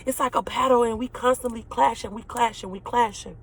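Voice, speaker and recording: A young woman in her late twenties speaks straight to her listeners in a heartfelt motivational monologue. Her voice sits a little high, and she is earnest and preachy, circling back over the same phrases for emphasis. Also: fairly even intonation, brisk, husky. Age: late 20s.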